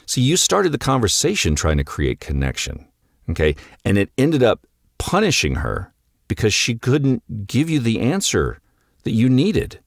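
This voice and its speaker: A man's voice: mid-range voice, huge pitch swings, a little slow, gravelly, no echo, clean studio sound. A man hosting a solo podcast, talking directly and coaching his listeners, often acting out bits of dialogue. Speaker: podcast host and marriage coach.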